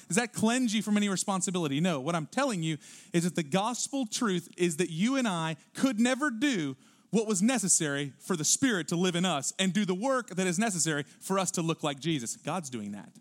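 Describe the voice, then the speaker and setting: A male pastor preaching a sermon in a church, animated, rising to loud emphatic peaks and dropping to quiet low asides. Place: church sanctuary.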